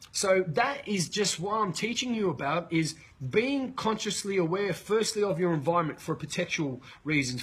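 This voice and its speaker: Australian male coach, raspy and high, energetic webinar storyteller. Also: rough recording. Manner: energetic, swearing, animated retelling. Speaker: leadership coach.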